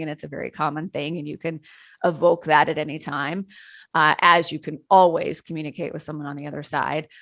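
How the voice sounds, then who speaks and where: Middle-aged woman guest, deep and a bit gravelly, animated storyteller who laughs often, dry sound. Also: no echo. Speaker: channeler, interview guest. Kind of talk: conversational storytelling.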